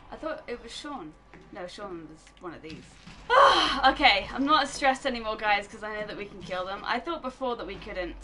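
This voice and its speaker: A woman's voice: mid-range voice, pushed and bright, a little hiss or hum. A young woman giving horror game commentary, jumpy, muttering to herself and then bursting into shrieks. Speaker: gaming YouTuber.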